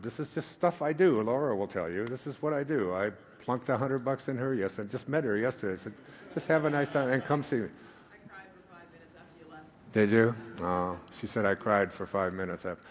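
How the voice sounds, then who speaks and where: A man giving a live spiritual talk, who tells a rambling personal story and then reads aloud slowly and with emphasis. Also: medium pitch. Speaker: spiritual speaker. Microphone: handheld microphone.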